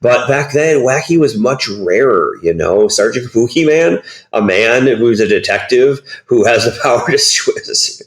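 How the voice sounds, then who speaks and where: A man being interviewed, telling rambling, animated stories packed with fillers. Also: mid-range voice, normal speed, echoey room. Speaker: guest. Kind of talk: casual interview chat.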